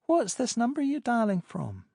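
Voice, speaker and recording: A woman's voice: fairly high pitch, huge pitch swings, moderate pace, vocal fry, warm tone, no echo, clean studio sound, pitched above the performer's own voice, heavily acted. A man voicing a woman on the phone who teases in a lightly amused way. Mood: curious. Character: warm teasing woman on the phone.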